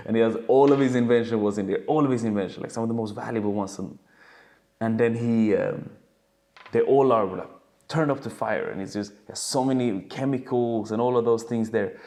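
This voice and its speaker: A man coaching dancers in a casual webinar, telling stories in an animated way and swearing freely from a home video call. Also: lowish voice, normal speed.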